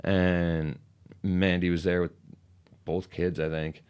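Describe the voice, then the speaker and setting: This is a man with a very low voice, chatting casually as a podcast guest. He rambles through a story full of "like" and gets animated as he replays the moments. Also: slow, clear, resonant tone, dull audio. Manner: rambling, lots of "like", animated retelling. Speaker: podcast guest, ramp builder.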